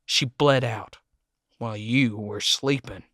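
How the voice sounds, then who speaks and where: A man doing a raspy, bitter Southern man. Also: medium pitch, a bit bright, no echo, studio quality. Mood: brooding. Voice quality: raspy, croaking. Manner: slow, brooding, accusing.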